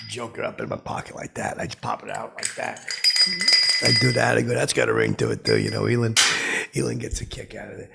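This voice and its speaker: A man's voice: mid-range voice, gravelly, very noisy. A man playing a boastful, clueless braggart in an improvised comedic monologue, rambling and repeating himself as he spins tall tales. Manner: rambling, self-aggrandizing, repeats "I go".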